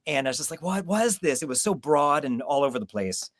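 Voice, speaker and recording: A man's voice: mid-range voice, fast, a bit bright, dry recording. Candid American man, dry close sound. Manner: candid opinions, personal anecdotes. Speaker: podcast host. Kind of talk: casual film-discussion chat.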